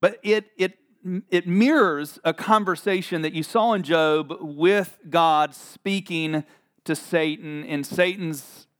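A man preaches a sermon as pastor. His voice sits a little high, and he keeps it lively and joking, slipping into acted asides between the teaching. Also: smooth.

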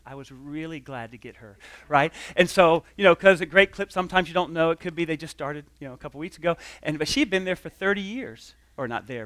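A man preaching in an easygoing, storytelling way, pausing and restarting as he acts out quoted dialogue. His voice sits a little high for a man, and the sound is dry and close. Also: fairly bright tone, dry recording. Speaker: pastor. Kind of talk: sermon with object lesson and personal story.

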